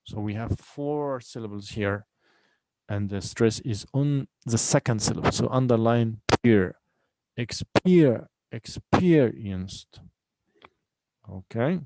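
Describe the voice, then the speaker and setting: A man's voice: mid-range voice, measured pace, noisy background. A man teaching a vocabulary lesson, patiently repeating each word and breaking it into syllables to drill the stress. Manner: breaks words into syllables and stresses them clearly. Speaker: English teacher. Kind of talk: recorded online lesson.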